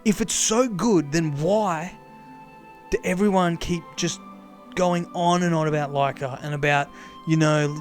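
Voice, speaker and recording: A young man rambling excitedly to camera, repeating himself as he thinks aloud. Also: fairly high pitch. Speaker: camera vlogger. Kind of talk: casual rambling monologue.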